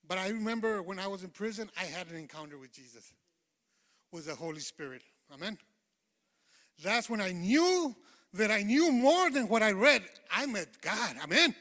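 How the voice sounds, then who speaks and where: High-voiced preacher in an echoing hall. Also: male voice. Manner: earnest, swings from hushed to loud. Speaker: preacher giving testimony. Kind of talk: sermon testimony. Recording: long hall reverb.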